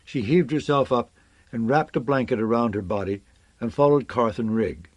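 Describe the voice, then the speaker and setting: A man narrating a science fiction novel in a measured, expressive reading. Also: mid-range voice, dry recording. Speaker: audiobook narrator.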